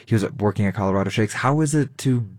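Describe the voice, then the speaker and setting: A man's voice: fairly low pitch, fast talker, darkish tone, dry recording, studio quality. A man hosting an arts interview on public radio, asking questions in an attentive, conversational way.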